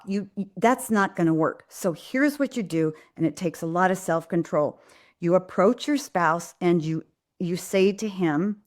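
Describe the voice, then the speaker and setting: A woman with a lowish voice speaks at a moderate pace while hosting a live Q&A. She answers viewers' parenting questions earnestly and directly, with lots of ums and restarts, in the style of live advice talk.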